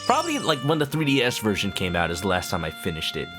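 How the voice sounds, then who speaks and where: A man's voice: fairly low pitch, wildly swooping pitch, quick pace. Chatty young male game streamer. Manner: goofy, chatty, breaks into voices. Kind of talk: casual let's-play commentary. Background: game music.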